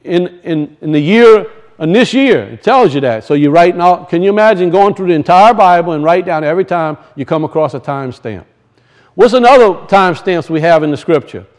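High-voiced man teaching scripture. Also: lively intonation, moderate pace. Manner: asks the congregation questions and answers them himself, repeats key points. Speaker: bible teacher. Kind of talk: teaching sermon.

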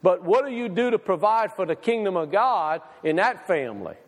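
High-voiced preacher in a reverberant hall. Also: male voice, big pitch swings, normal speed. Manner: rhetorical questions to the congregation, reading scripture aloud. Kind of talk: sermon.

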